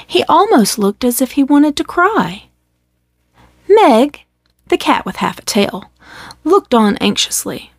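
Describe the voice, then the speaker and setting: Slow gravelly woman storyteller. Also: high-pitched, no echo, clean studio sound. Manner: measured, expressive reading. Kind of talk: reading a children's story aloud.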